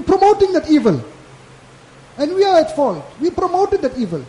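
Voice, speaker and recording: A man gives a Friday sermon in a very high, lively voice that is mellow in tone. He talks casually and hammers each point by repeating it. The sound is echoey, as in a mosque hall. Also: moderate pace, a little hiss or hum. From South Africa. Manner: casual, repetitive and emphatic preaching. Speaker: maulana giving a Friday lecture.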